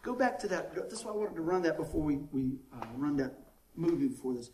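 High-pitched pastor guy, folksy and fired up, echoey church. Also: a little fast, a little hiss or hum. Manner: animated preaching with call-and-response "amen"; folksy, down-home phrasing. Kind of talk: sermon. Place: church sanctuary.

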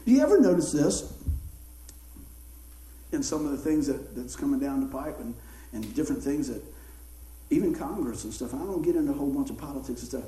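A man preaching a sermon, folksy and animated, telling stories and acting out voices. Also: on the high side, fairly quick, roomy sound, rough recording. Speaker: pastor. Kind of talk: sermon with storytelling.

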